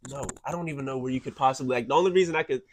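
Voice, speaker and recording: A young man from Pittsburgh with a Pittsburgh accent, a college football player chatting casually as a podcast guest, quick and animated with lots of restarts. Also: medium pitch, slight background noise. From Pittsburgh, Pennsylvania. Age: young adult. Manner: fast, animated, with many restarts. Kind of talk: casual chat.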